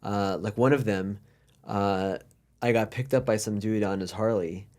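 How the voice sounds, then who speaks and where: A man's voice: fairly low pitch, measured pace. Chatty American man hosting a podcast. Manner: animated storyteller, many fillers and restarts. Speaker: podcast host. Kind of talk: casual podcast chat.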